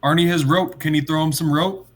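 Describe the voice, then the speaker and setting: A man's voice: fairly high pitch, fairly even intonation, fairly quick. A man playing a tabletop game, joking playfully about his character. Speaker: player. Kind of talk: casual tabletop play.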